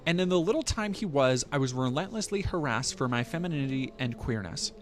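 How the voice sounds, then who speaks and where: A man's voice: mid-range voice, expressive, a little fast, soft background music. A man streaming, reading a news article aloud and breaking off with profane, sarcastic comments.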